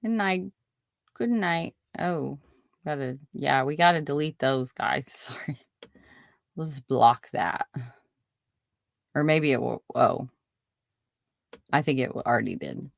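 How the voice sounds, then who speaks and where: A woman with a low voice hosts a casual live stream, chatting with her viewers. She reads their comments aloud and reacts with indignation. The recording is dry and close, with no room sound. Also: unhurried, gravelly, pauses often, dry recording. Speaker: podcast host.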